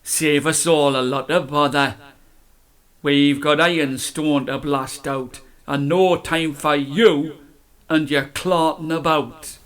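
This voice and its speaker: A man's voice: on the high side, fairly even intonation, takes it slowly, fairly bright tone. A man voicing a stern middle-aged mine deputy and father, firm and weary.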